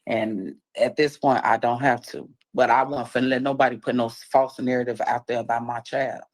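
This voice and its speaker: A man's voice: mid-range voice, fairly even intonation, normal speed, rough recording. Earnest man with a Chicago accent. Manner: earnest, pleading, blunt. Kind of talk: livestream talk.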